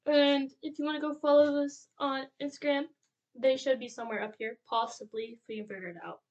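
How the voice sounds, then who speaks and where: A young woman co-hosting a casual vlog, chatting with quick, playful interjections. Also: high-pitched, steady tone, a little mellow, muffled recording. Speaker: co-host. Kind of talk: casual chat.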